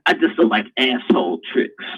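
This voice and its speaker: A man of middle pitch hosts a live talk show, ranting and preaching in crude terms. His voice has a husky edge, and the sound is dull and lo-fi. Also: very animated, normal speed, fairly bright tone. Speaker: host.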